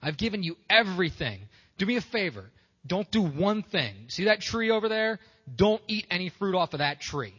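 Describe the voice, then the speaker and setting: A man voicing God as a frantic, easily flustered figure who gushes and then panics and shouts. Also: high-pitched, animated, moderate pace, breathy edge, voice pushed up, exaggerated voice. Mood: gushing. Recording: dull recording in a reverberant hall.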